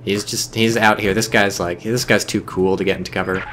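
A man's voice: lowish voice, flat delivery, brisk, a bit bright, slight background noise. A man casually commentating a strategy game, chatty and rambling with joking asides. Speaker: game caster.

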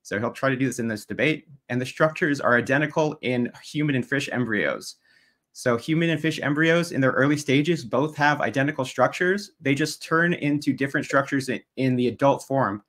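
A man's voice: mid-range voice, fairly bright tone. A man giving a debate opening statement, working methodically through prepared slides and making pointed jabs at his opponent.

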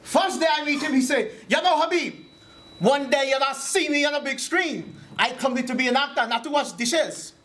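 A man doing an excitable immigrant dishwasher. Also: extremely high pitch, normal speed. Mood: storytelling. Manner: broken English, excitable. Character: earnest immigrant dishwasher man, wide-eyed, bewildered.

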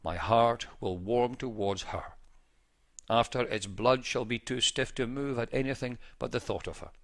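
A man reading the lines of a proud, passionate young Irishman who is gravely ill, in earnest, formal, old-fashioned phrasing. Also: mid-range voice, fairly even intonation, moderate pace, a bit bright. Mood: fervent.

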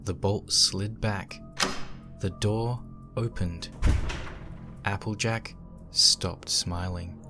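Low male horror reader, hushed, faint music underneath. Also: fairly even intonation, extremely slow, long pauses. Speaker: fanfic reader. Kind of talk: dramatic horror narration.

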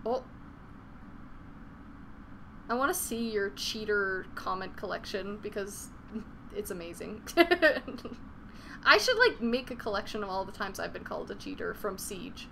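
A woman's voice: medium pitch, lively intonation, unhurried, vocal fry, pauses often, sharp tone, slight background noise. A young woman chatting casually on a live gaming stream, swearing freely and venting frustration between laughs. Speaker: game streamer.

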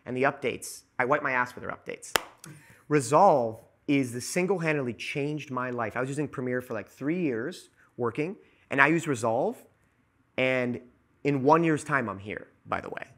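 A man talking as a podcast guest in casual chat, ranting in an animated, profane way. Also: medium pitch, moderate pace.

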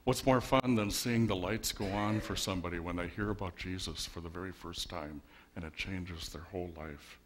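A man's voice: low voice, moderate pace, slight background noise. A man preaching a sermon as a pastor in a church, wry and conversational, leaning on rhetorical questions. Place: church sanctuary.

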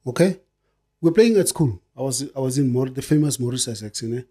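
A South African man in his sixties, a former footballer, telling stories in an animated way, repeating words in bursts and checking that the listener follows. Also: mid-range voice, a little fast, breathy edge. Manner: animated, repeats words in bursts, keeps asking "you understand?". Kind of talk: casual storytelling interview.

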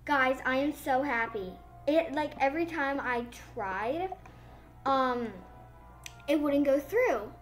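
A woman giving excited, casual commentary on her game, gushing and babbling breathlessly into a phone mic. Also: high voice, slow pace, soft background music. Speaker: gaming vlogger.

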